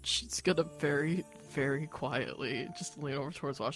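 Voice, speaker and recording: A woman's voice: very deep voice, moderate pace, soft background music. A woman player in a tabletop game, chatting animatedly with lots of laughter. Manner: animated, laughing, uses many likes. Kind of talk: casual tabletop game chat.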